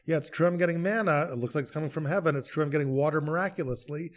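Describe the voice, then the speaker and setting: Animated man teaching, higher voice. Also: racing. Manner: animated, questioning, reads verses then explains. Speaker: rabbi and teacher. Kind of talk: podcast text study discussion.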